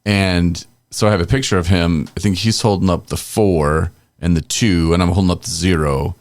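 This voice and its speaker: A man's voice: low voice, steady tone, moderate pace, dry recording. A middle-aged man hosting a casual podcast, telling loose rambling stories and chuckling as he goes, on a close podcast mic. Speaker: podcast host.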